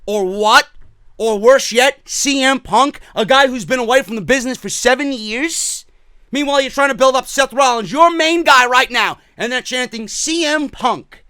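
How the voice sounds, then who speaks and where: A man's voice: very high voice, normal speed, sharp tone, clear, resonant tone, dry recording. A man giving heated, profane, sarcastic commentary on wrestling in a vlog. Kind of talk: ranting commentary.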